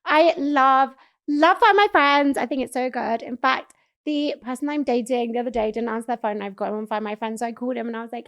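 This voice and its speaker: A young woman from England, guest on a talk show, telling stories in animated casual chat and swearing freely. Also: sits high, quick pace, gravelly.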